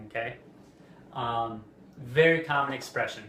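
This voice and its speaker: A man teaching an English lesson, speaking deliberately and repeating example phrases, with frequent fillers. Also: medium pitch, pushed and bright, echoey room, slight background noise. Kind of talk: slow, clear language lesson.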